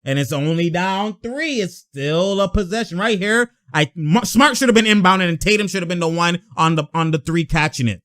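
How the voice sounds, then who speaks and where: A young man giving casual, excitable basketball reaction commentary, full of slang, frequent laughter and acted-out player banter. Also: sits high, normal speed, few pauses. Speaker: sports reaction host.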